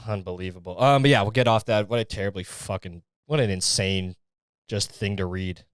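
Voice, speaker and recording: A man's voice: on the low side, brisk, no echo, studio quality. A young man hosting a solo podcast, ranting in a sarcastic, profane, casual way. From Canada. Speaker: podcast host.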